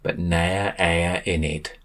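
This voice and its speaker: A man's voice: deep voice, steady tone, a bit bright. A man voicing a pompous, self-assured young man who declaims grandly. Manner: grand, declaiming, ominous pauses.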